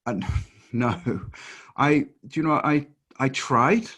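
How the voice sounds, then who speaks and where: A man being interviewed as a life coach, speaking earnestly with halting restarts. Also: medium pitch, expressive, fairly bright tone. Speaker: guest, life coach and author. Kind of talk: casual interview chat.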